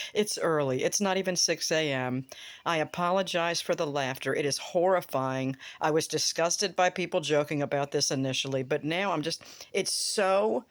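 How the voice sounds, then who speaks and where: A woman vlogger in a casual commentary rant, rambling, swearing freely and sounding incredulous. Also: sits low.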